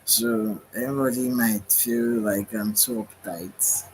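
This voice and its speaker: A tired, yawning man hosts a livestream, meandering through a spiritual monologue, often searching for words and tossing in frequent "right?"s. His voice is lowish, a little mellow and fairly even, at a slightly slow pace. The recording is rough, with slight background noise.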